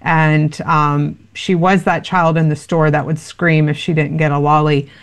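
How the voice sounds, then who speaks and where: A woman's voice: deep voice, flat delivery, a little slow. A woman giving parenting advice in an interview, earnest and explanatory, with many fillers. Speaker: parenting expert guest.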